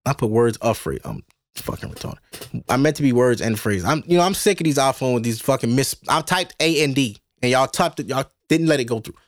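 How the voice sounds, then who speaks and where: A man's voice: mid-range voice, quick pace, few pauses, no room sound. A man from Brooklyn with a New York accent, hosting a podcast in a rambling, profane, exasperated monologue. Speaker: podcast host. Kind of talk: casual ranting monologue.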